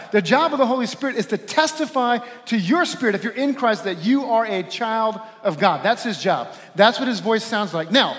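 A man pastor preaching a sermon to his congregation, calling out to the crowd with a preacherly manner. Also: sits high. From Louisiana. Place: church sanctuary. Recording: reverberant church hall.

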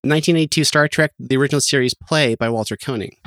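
A man's voice: medium pitch, fast, a bit bright, no echo. Dry-humored male podcast co-host. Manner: dry sarcastic asides. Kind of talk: casual chat.

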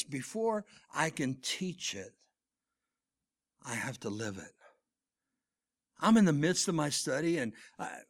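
In this sermon, a middle-aged pastor whose male voice runs a bit high shifts back and forth from booming, emphatic statements to hushed, near-whisper passages.

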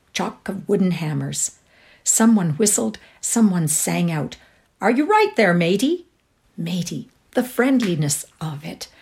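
Woman narrating a story, low and expressive. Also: vocal fry. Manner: expressive, sinks to a whisper in quiet passages. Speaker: reader. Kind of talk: dramatic reading of a short story.

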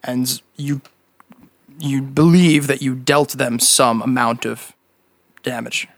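A man running a tabletop game as game master, relaxed and quick to laugh while he rules on the fly. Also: medium pitch, gravelly, dry recording.

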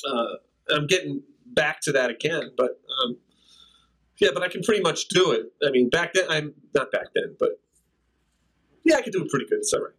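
Poor audio carries a slightly high, expressive, fairly bright male voice at normal speed: an older drummer being interviewed. Casual and rambling, his anecdotes come with scat-sung drum rhythms and bursts of laughter.

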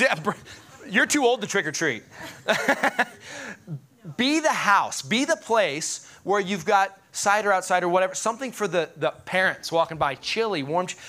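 A man preaching a sermon to his congregation, animated and joking, asking questions of the listeners and slowing down for scripture. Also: sits high. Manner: animated, joking asides, pauses to ask the congregation. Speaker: pastor.

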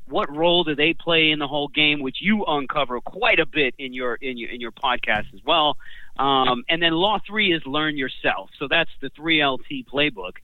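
A man's voice: a little high, moderate pace, no echo. A man talking as a guest on a casual podcast, laid-back, swearing freely and calling people bro and man. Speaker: podcast guest, trading coach. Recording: tinny phone-line audio.

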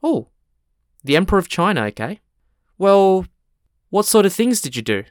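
A man playing a gatekeeper of heaven who quizzes new arrivals in a chatty, inquisitive way. His voice sits higher than a plain speaking voice and sounds smooth and clear. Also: very animated, moderate pace, no echo, studio quality. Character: curious male gatekeeper of heaven.

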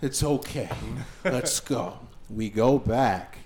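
A man's voice: mid-range voice, slow. A man on a podcast, a musician telling a road story in casual chat, swearing freely and piling on fillers. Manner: profane, animated anecdote-telling with many fillers.

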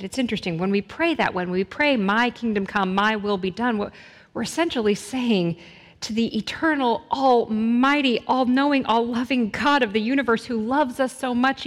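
Woman preaching in a reverberant hall. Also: fairly high pitch. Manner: earnest, builds intensity with repeated phrases. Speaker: pastor. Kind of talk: sermon.

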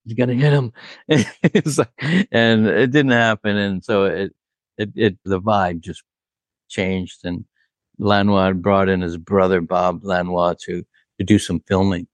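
A man's voice: low voice, fairly even intonation, takes it slowly, no room sound. A man, a record producer, telling studio stories in a rambling, casual way, full of "like" and "you know", laughing at his own anecdotes. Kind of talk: casual storytelling.

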